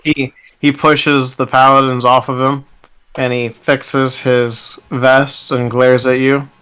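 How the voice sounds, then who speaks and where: A man narrating a tabletop game as its game master, in casual, descriptive narration. His voice is bright and forward, with a smooth, clear tone. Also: mid-range voice, little pitch movement, slow pace, rough recording.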